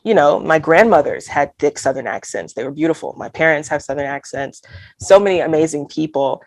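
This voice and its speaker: A woman's voice: low voice, lively intonation, a little fast, a little mellow, no room sound. A woman from Alabama, speaking as a guest poet in an interview, talking candidly and earnestly with light laughs and quoted inner thoughts. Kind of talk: reflective conversational interview.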